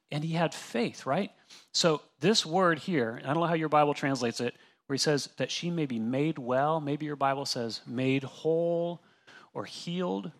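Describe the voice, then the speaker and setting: A man's voice: on the high side, fairly bright tone. A young man leading a casual Bible study, talking through a passage verse by verse in an easy, conversational way. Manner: conversational, with restarts and acted-out asides.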